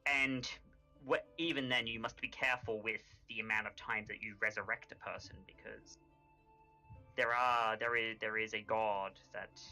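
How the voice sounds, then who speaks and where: A man playing his character at a tabletop game, explaining slowly and deliberately with stumbling restarts. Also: mid-range voice, pushed and bright, poor audio. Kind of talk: in-character tabletop role-play.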